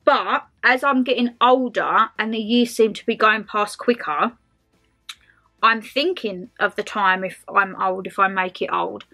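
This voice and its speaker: A woman's voice: mid-range voice, measured pace, sharp tone, faint music behind. A woman in her twenties doing a casual, rambling Q&A vlog to camera, calling her viewers her lovelies. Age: 20s. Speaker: lifestyle vlogger.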